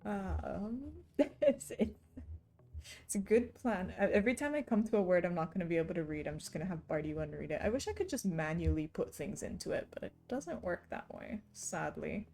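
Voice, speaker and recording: A woman's voice: on the low side, animated, normal speed, darkish tone. A young woman chatting casually on a live stream, answering her chat and laughing often between remarks. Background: faint background music.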